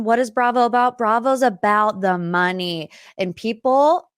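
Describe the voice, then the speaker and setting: A woman's voice: a little high, a little slow, clear, resonant tone, no echo, studio quality. A young woman hosting a pop culture podcast in a chatty, rambling style with lots of tangents. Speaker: podcast host. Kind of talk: casual pop culture chat.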